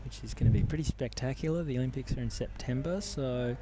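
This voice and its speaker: A man's voice: medium pitch, fast, background noise. A man co-commentating live surfing in a chatty, playful way. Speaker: surf commentator.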